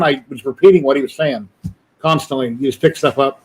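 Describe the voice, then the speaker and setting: A man in a casual group call who tells stories in a quick, joking way. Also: on the high side, poor audio.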